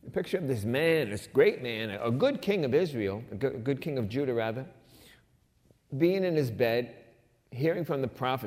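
A middle-aged man preaching a sermon as pastor, conversational, rising loud for emphasis and dropping quiet for personal asides. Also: medium pitch, expressive, moderate pace. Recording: long hall reverb.

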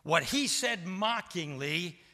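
A man's voice: high-pitched, animated, slow pace, creaky, sharp tone. A male pastor preaching an emphatic sermon and calling on the congregation for responses. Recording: long hall reverb.

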